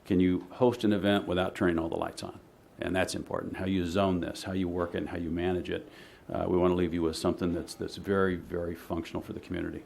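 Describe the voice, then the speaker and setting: A man giving a measured, explanatory presentation to a city commission in a meeting chamber, often pausing on "uh". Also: sits low, flat delivery, creaky, darkish tone, slight background noise. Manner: measured and explanatory, with frequent "uh" fillers.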